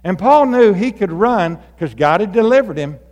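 A man preaching a lively sermon as pastor in church, animated and building to fired-up shouts. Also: high voice, normal speed. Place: church sanctuary. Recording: long reverb of a large hall.

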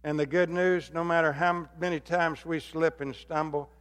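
High-voiced preacher in a reverberant hall. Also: male voice, steady tone, moderate pace. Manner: swings from loud emphatic calls to low hushed appeals. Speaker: pastor. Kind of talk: sermon. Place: church sanctuary.

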